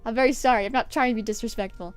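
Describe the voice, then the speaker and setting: A young woman streaming, telling a story in casual chat, animated, swearing freely and laughing often. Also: on the high side, racing, soft background music.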